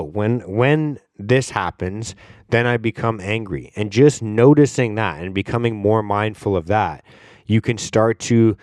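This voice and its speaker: A young man with a low, smooth, resonant voice, hosting his podcast alone. He talks in a loose, rambling way, full of fillers, and swears often. The sound is dry and close, with no room echo. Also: darkish tone. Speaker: podcast host. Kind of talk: casual solo podcast talk.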